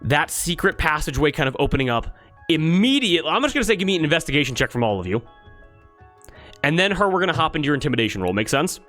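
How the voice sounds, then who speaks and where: A man running a tabletop game as game master, talking fast, often correcting himself and laughing. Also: fairly high pitch, big pitch swings, a bit bright, soft background music.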